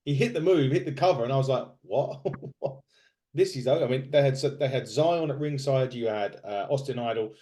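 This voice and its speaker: A man's voice: medium pitch, fast talker, few pauses, mellow. Rambling man chatting casually. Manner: rambling, with many fillers and restarts. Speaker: podcast co-host. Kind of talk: casual chat recapping wrestling.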